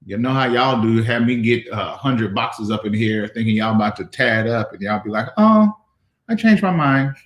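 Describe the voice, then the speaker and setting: A man hosting a casual show as pastor, playful and teasing, now and then bursting into falsetto song. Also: little pitch movement, fairly quick, hardly any pauses, fairly bright tone, echoey room. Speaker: pastor and host. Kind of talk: casual livestream chat.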